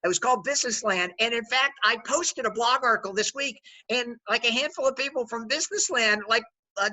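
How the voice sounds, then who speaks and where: A man in his sixties, a sales executive and podcast guest, telling his career story in an energetic, enthusiastic way. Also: extremely high pitch, brisk, low-quality recording. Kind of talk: casual interview storytelling.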